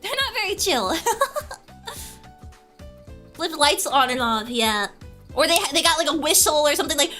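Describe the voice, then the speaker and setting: Young woman streamer, animated and giggly, swooping pitch. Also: moderate pace, long pauses, faint music behind. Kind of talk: casual chat with chat.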